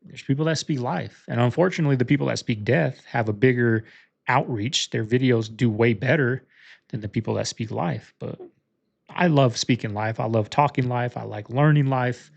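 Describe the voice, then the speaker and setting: A man's voice: mid-range voice, moderate pace, gravelly, breathy edge, dull audio. A man hosting a reaction channel, talking casually and earnestly straight to his viewers, rambling a little as he gives his view.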